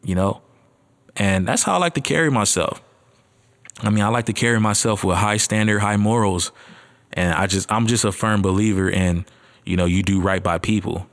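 A man with a lowish voice speaks at normal speed as he hosts his first solo podcast. Nervous and rambling, he swears a lot and talks directly to his listeners in slangy, casual chat.

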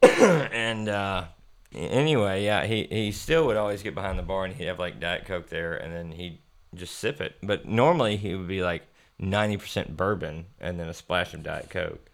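A young man hosting a podcast, telling work stories in a profane, animated way and laughing often. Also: low voice, moderate pace. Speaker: podcast host. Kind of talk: casual storytelling chat.

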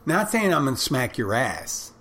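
A man's voice: mid-range voice, big pitch swings, normal speed, a bit bright, a little hiss or hum. A middle-aged man, talking casually and rambling in a folksy, profane way. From Philadelphia, Northeast. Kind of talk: casual monologue.

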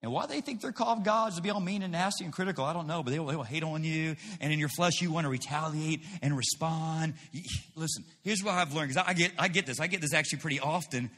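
High bright-voiced man preaching in a hall. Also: fast talker. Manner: emphatic, repeats phrases, mocking asides. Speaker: pastor. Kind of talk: sermon.

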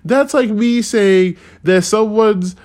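A man in his thirties ranting in a casual, profane, rambling way, sarcastic and quick to laugh. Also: sits high, a little mellow. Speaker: podcast host. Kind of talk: casual rant.

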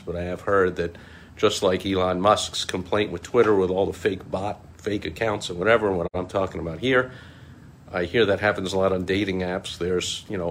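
A middle-aged man, a small business marketing consultant, hosting a casual vlog and telling an animated story with chuckles. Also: slight background noise. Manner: animated, chuckling, breaks into mocking high-pitched quoted voices.

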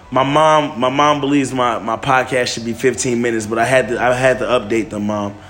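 A man's voice: medium pitch, fairly even intonation, moderate pace, a bit bright. Rambling man hosting a podcast. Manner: loose, rambling, many fillers and restarts. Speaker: podcast host. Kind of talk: casual solo podcast monologue. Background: faint music.

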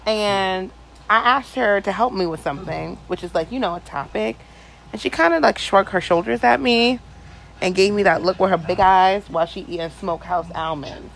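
A woman hosting a podcast, telling a story in a casual, animated and crude way, with plenty of swearing. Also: medium pitch, moderate pace, vocal fry, rough recording. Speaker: podcast host.

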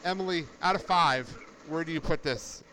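A man's voice: fairly high pitch, moderate pace, a little hiss or hum. A man hosting a podcast, chatting casually and telling stories with frequent laughter. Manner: animated storyteller, laughs often. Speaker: podcast host. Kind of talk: casual chat.

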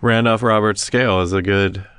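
A man co-hosting a podcast, asking quick questions, teasing, and steering the talk. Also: fairly low pitch, fairly even intonation, fairly bright tone, smooth, no room sound. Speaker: podcast co-host. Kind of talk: casual podcast chat.

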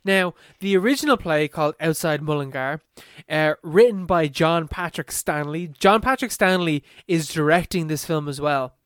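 Chatty young man, smooth voice. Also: a little high, normal speed, fairly bright tone, dry recording, clean studio sound. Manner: chatty, swears casually, many fillers. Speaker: podcast co-host. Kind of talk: casual chat.

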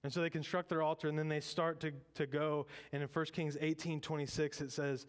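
A man preaching a sermon in a lively, conversational way, with joking asides. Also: on the high side, a little fast, hardly any pauses, smooth. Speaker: pastor.

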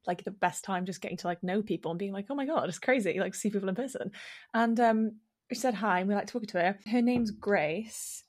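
A young woman, co-hosting a podcast in casual chat, telling a story with lots of fillers and acted-out quotes. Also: mid-range voice. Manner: animated storytelling, acting out quotes, many fillers. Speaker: podcast co-host.

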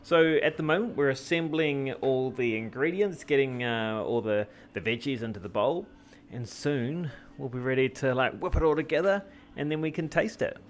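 Here the same kind of host, a man running a casual travel cooking vlog, speaks at a moderate pace in a mid-range voice. He rambles and jokes, using lots of fillers and restarts, with slight background noise behind him.

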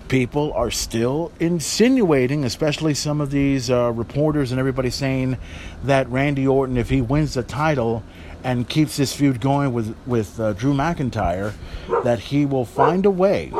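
A man's voice: mid-range voice, darkish tone, a little hiss or hum. Heated, profane man hosting a podcast. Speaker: podcast host. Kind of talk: casual wrestling predictions rant.

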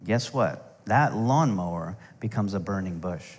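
A man's voice: low-pitched, animated, a little slow, husky. A middle-aged man preaching a sermon, telling stories with humor and asides. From United States. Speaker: pastor. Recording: long hall reverb.

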